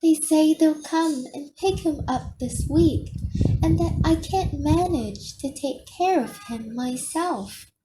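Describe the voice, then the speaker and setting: A woman's voice: high voice, takes it slowly, noisy background, voice pushed up. A woman reading an audiobook, voicing a frail, worn-out older woman who speaks in a fragile, barely audible voice.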